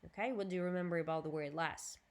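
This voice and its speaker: A woman with a Ukrainian accent and a fairly low-pitched voice teaches an English lesson on video. She drills new words slowly and clearly, adding explanations in Russian.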